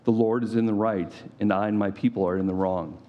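A man preaching a sermon, animated and playful, acting out scripture with mock voices. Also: fairly low pitch, brisk, lo-fi sound. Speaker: pastor.

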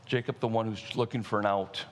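A middle-aged male pastor preaching a sermon, retelling a story and slowing down for emphasis. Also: lowish voice, steady tone, a little hiss or hum.

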